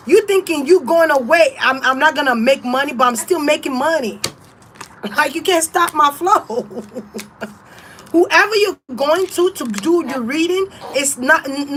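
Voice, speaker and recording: A high-voiced woman reading tarot who rants bluntly and defiantly. She swears freely and laughs between points. Faint noise sits under her voice. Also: fairly bright tone. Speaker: tarot reader. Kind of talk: casual livestream rant.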